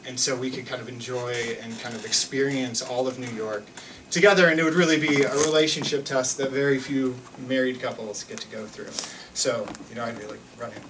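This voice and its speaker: A man's voice: medium pitch, normal speed, recorded from a distance, noisy background. A young man telling a personal story on stage in a loose, self-mocking way, full of restarts and fillers. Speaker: live storyteller. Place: theater stage with an audience.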